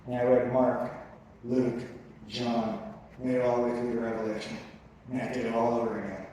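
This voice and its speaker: A man giving a personal church recovery testimony in an earnest, emotional, halting way. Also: medium pitch, flat delivery, dark tone, a little hiss or hum. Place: large church hall. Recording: echoey church hall from far off.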